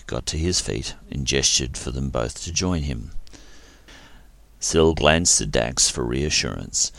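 A man narrating a science-fiction story aloud in a steady, plain reading voice. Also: a bass voice, gravelly, no echo.

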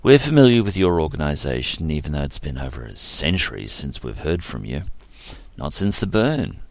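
A man voicing a formal, polite alien speaking over a comm channel, pitched higher than his own voice. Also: very animated, moderate pace, dry recording, full character voice.

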